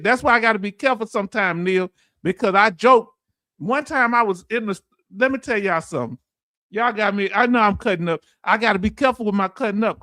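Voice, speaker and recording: High-voiced Southern man joking with viewers. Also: sharp tone, no room sound, studio quality. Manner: joking, laughing, reading out viewer comments. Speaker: livestream host. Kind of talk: casual livestream chat.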